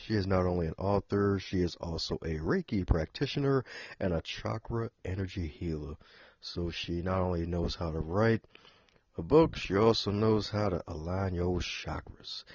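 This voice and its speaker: Low-voiced man hosting with a cowboy drawl. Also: darkish tone, no echo, muffled recording. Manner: playful cowboy-style drawl. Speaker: podcast host. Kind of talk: casual interview chat.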